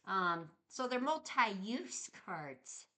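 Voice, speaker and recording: A woman co-hosting a board game review, speaking casually with lots of pauses and self-corrections. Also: mid-range voice, sing-song, bright, forceful tone.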